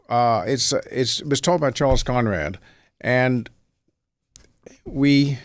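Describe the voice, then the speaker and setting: A man's voice: medium pitch, no echo. A man guest chatting in an easygoing, rambling way about acting, slipping into short acted examples as he goes. His voice is dry and close to the mic, with no room around it. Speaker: actor, guest. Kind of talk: casual talk-show chat.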